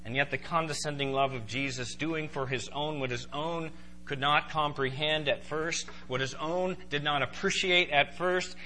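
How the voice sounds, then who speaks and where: A man preaching a sermon to a congregation, emphatic and animated. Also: fairly high pitch, slight background noise. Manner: emphatic, rising to loud exclaiming in voiced quotes. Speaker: pastor.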